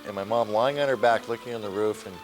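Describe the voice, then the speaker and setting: A man recalling his childhood family in an interview, in a relaxed, reflective way. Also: fairly low pitch, quick pace, soft background music. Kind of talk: interview recollection.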